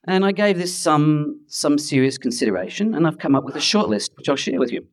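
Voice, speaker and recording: A man's voice: a little high, expressive, brisk. A middle-aged man from Adelaide telling his story with wry humor to an audience. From Adelaide, Australia. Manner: wry, self-deprecating, with playful impressions and asides. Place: event hall with audience. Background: audience laughter.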